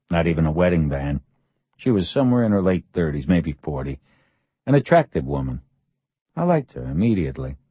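A man reading a first-person audiobook in a measured, matter-of-fact way. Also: sits low, darkish tone, slightly rough, dry recording, muffled recording. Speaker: audiobook narrator.

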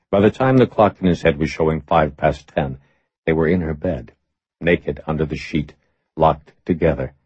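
A man narrating an audiobook in a measured, steady reading voice. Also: deep voice, husky, dry recording. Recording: slightly muffled recording.

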